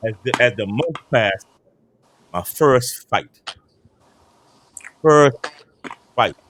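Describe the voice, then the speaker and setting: Lively man telling stories. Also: medium pitch, a little hiss or hum. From Caribbean island. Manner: animated, repeats and restarts words, streetwise swearing. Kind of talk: casual storytelling. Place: barbershop.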